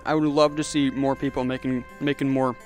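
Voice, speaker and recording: Speaking a little fast at a medium, level pitch, this young streamer rambles through casual chat with plenty of filler words, reading viewers' messages aloud. Faint music plays behind him, and his audio comes through a clip-on magnetic mic.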